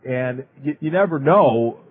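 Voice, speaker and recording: A man's voice: medium pitch, animated, unhurried, a little hiss or hum. A man hosting a radio talk show, earnest, often stumbling and repeating words. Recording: narrow phone-like radio sound.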